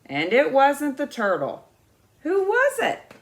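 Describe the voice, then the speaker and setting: A woman's voice: high voice, huge pitch swings, takes it slowly, pitched above the performer's own voice, exaggerated voice. A woman voicing a young, lonely little boy beaver in a storybook reading, asking eager, earnest questions. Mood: puzzled.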